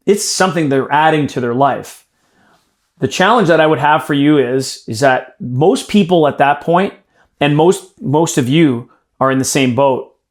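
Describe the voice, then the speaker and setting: A man leads a live sales training session, speaking emphatically and turning straight to his group as he coaches. His voice sits slightly on the higher side for a man.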